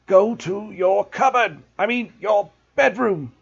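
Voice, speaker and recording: A man voicing a blustering, furious middle-aged uncle with a loud, slow, wheezing way of barking orders in a storybook reading. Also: a little high, lively intonation, dull audio.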